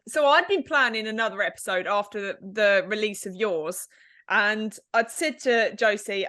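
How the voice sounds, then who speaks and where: A woman co-hosting a podcast in casual chat, animated and laughing as she tells stories. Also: on the high side, no echo. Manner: animated, quick bursts, laughs while telling stories. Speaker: podcast co-host.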